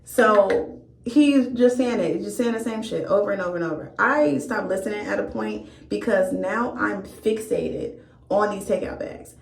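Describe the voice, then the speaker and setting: In an echoey room, a young woman vlogger tells a storytime tale, candid, profane and amused. She speaks at a moderate pace, her medium-pitched voice marked by gravelly vocal fry.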